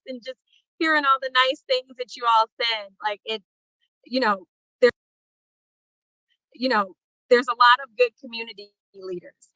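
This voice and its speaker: A woman's voice: mid-range voice, dry recording, rough recording. An emotional woman giving a laughing, informal thank-you speech for an award over a video call. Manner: warm, laughing often, informal. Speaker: award recipient.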